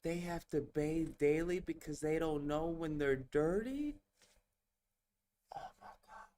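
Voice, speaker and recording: A man's voice: on the high side, unhurried, warm tone, a little hiss or hum. A man hosting a reaction video, giving casual commentary and exclaiming in disbelief as he repeats himself.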